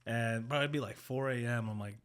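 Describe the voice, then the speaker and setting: A man's voice: mid-range voice, fairly even intonation, normal speed, fairly bright tone, smooth. A bilingual man hosting a casual podcast chat, talking loosely and full of slang like bro and dude. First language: bilingual, also speaks Spanish. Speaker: podcast host.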